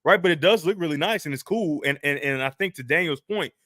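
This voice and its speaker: A man co-hosting a casual sports talk show, talking in an animated, conversational way with lots of rhetorical questions. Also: fairly high pitch, fast talker, dry recording, studio quality.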